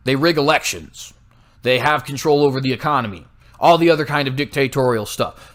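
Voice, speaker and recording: A man's voice: on the high side, animated, normal speed, a bit bright. A young American man hosting a political commentary show, delivering a heated, sarcastic monologue with frequent "right?" tags. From United States. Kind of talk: opinionated monologue.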